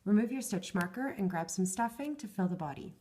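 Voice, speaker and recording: A woman's voice: medium pitch, expressive, brisk, a little mellow, husky. A woman giving a step-by-step craft tutorial, patiently explaining each hand movement and counting stitches aloud, her voice worn and fading. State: losing her voice.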